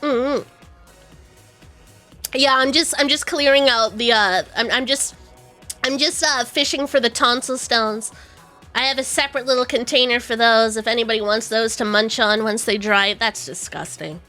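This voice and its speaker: Casting note: young woman streamer, high and bright, rambling and self-deprecating chat, soft music behind. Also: moderate pace. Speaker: VTuber streamer.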